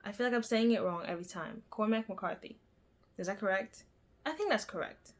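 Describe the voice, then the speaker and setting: A young woman book vlogger chats casually about books she's read, her medium-pitched voice moving a little fast. She rambles and runs self-deprecating, full of fillers, restarts, and little stutters.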